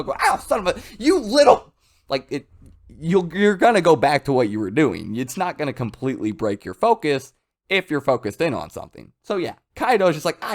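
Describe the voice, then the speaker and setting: A man giving casual, excitable commentary as a comics reviewer. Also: medium pitch. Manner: excitable, animated, hyped. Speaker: manga reviewer.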